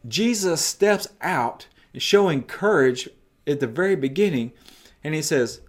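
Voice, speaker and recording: A man's voice: fairly high pitch, lively intonation, measured pace. A man preaching a sermon, retelling a story emphatically and in vivid detail.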